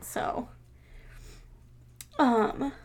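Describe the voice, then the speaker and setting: A young adult woman co-hosting a casual podcast chat, rambling with lots of fillers, dropping quiet and then getting loud. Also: drawn-out words, slight background noise. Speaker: podcast co-host.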